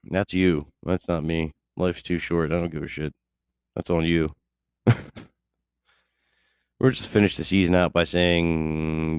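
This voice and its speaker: A man with a very low, gravelly voice rambles through a casual monologue at an unhurried pace. He is laid-back and profane and chuckles often. The recording is dry and close, with no room sound. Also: fairly even intonation, no echo.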